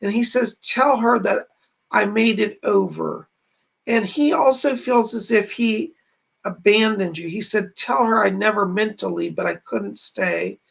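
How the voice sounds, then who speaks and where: A man's voice: high voice, measured pace, vocal fry, a bit bright, breathy edge. A man hosting a livestream, chatting casually as he reads viewers' messages aloud and gives psychic readings. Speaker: psychic medium host.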